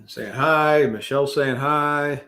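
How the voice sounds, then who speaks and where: A man's voice: a little high, slow pace, sharp tone. A middle-aged man from California hosting a casual livestream, rambling with many fillers and restarts and joking about himself. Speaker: livestream host. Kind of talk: casual live chat reading viewer comments.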